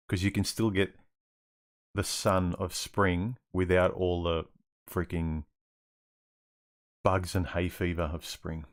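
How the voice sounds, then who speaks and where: A man hosting a livestream Q&A, reading viewer questions aloud and answering them in a rambling, casual way. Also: low voice. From Australia. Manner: rambling, restarts often, reads chat questions aloud.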